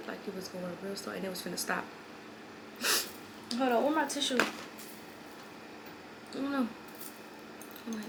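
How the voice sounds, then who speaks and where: A young woman vlogger telling a long, rambling story while doing her hair at home, repeating herself and talking in an animated way. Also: mid-range voice, normal speed, pauses often, background noise. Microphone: phone or camera on a stand.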